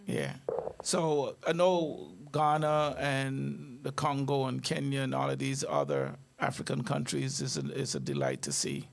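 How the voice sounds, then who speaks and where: A man's voice: medium pitch, animated, measured pace, creaky, a little hiss or hum. A man in his late fifties, a guest speaking earnestly and reflectively in an interview. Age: 50s.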